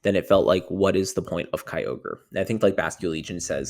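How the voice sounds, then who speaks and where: A young man talking casually in an interview about his tournament run, rambling with lots of fillers and getting animated when retelling moments of panic. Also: deep voice, a little fast, creaky. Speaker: tournament winner guest.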